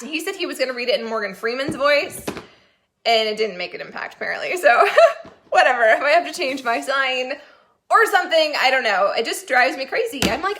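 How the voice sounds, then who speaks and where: A woman's voice: high voice, expressive, a little fast, bright, forceful tone, slight background noise. A woman talking casually to camera in a motivational vlog, chatty and upbeat, with casual swearing. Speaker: vlogger.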